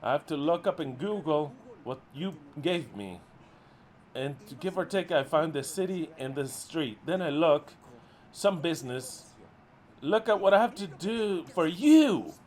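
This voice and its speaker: A man's voice: fairly high pitch, expressive, a little slow. Profane exasperated man scolding followers. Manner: profane, exasperated scolding, swings from loud outbursts to muttering. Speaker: ministry leader.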